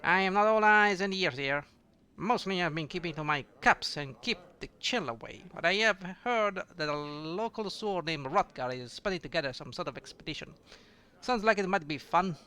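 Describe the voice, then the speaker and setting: A man voicing a boastful female dwarf warrior with rough, folksy speech while reading game dialogue aloud. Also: high voice, expressive, normal speed, pushed and bright. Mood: hearty.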